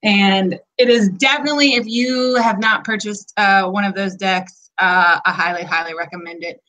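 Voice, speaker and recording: A woman's voice: medium pitch, fairly even intonation, normal speed, bright, forceful tone, low-quality recording. A woman co-hosting a casual podcast chat, talking enthusiastically with frequent ums. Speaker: podcast co-host.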